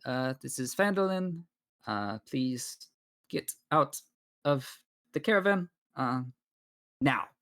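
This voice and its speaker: A man voicing an impatient young male elf caravan driver who shoos passengers out briskly. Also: medium pitch, expressive, fairly bright tone. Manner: brisk, shooing.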